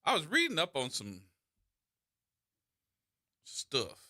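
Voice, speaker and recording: A man hosting a call-in radio show, telling stories in an animated way with repeats and restarts, into a studio microphone. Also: fairly high pitch, slow pace, no room sound. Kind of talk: call-in talk radio monologue.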